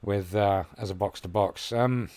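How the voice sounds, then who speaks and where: A man talks through his football management game in a lowish voice. He muses quietly over his tactics, then breaks into excited commentary when the chances come. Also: unhurried. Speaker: gaming video host. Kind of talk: gameplay commentary.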